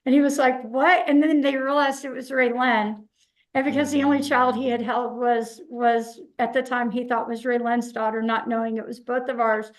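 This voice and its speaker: A woman's voice: on the high side, flat delivery, moderate pace, low-quality recording. A woman on a panel telling a personal story in a candid, conversational way. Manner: candid, conversational, repetitive restarts.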